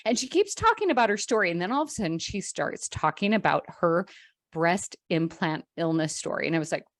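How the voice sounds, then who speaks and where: Woman podcast host, lowish voice, dry close sound, effusive and heartfelt. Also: lively intonation, fairly quick, no echo. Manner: effusive, gushing praise. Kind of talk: heartfelt podcast introduction and chat.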